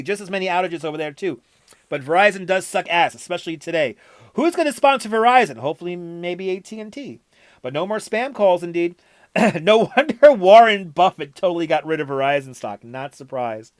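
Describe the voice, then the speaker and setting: A man's voice: high voice, dry recording. A man hosting a casual livestream who reads viewer comments aloud, curses freely and laughs often. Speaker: livestream host.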